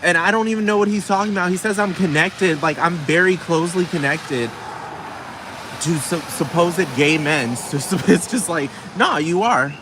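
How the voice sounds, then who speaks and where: A man ranting casually in a profane, gossipy, animated way. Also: on the high side, normal speed. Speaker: vlogger. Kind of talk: casual rant to camera. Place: city street outdoors. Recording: noisy outdoor street recording.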